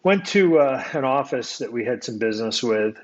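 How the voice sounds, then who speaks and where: A man from the United States tells a personal story in a relaxed, reflective conversational way. He talks at an ordinary pitch and often circles back and restarts his sentences. The recording sounds somewhat dull and lo-fi. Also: moderate pace. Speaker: guest storyteller.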